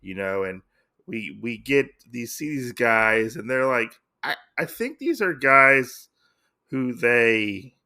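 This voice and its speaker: Male comic-podcast host, gravelly voice, casual rambling recap style. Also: mid-range voice, expressive, takes it slowly, bright, forceful tone. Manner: rambling, heavy on fillers.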